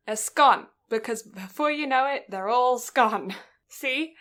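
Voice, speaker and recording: A British woman recapping an anime film in loose, casual chat, laughing between her lines and swearing freely. Her voice is bright and sharp, sitting a little high. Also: slow pace. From Britain. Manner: giggly, sweary, rambling. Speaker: podcast co-host.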